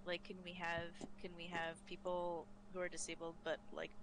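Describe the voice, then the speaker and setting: A woman's voice: fairly low pitch, completely flat delivery, moderate pace, background noise. A woman chatting casually and sharing strong opinions about characters. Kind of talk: casual chat ranking game characters.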